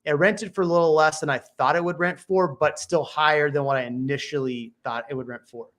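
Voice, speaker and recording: A man's voice: on the high side, steady tone, a little fast, fairly bright tone. A man hosting a casual chat show, giving real estate advice in a laid-back, joking way, thinking aloud and restarting his sentences. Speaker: real estate agent and podcast host.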